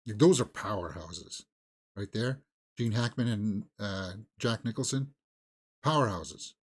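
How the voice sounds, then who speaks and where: A man co-hosting a movie talk show, chatting casually and thinking aloud with halting restarts. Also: fairly low pitch, animated, husky. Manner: musing, halting, with fillers and restarts. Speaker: movie news co-host. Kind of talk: casual chat.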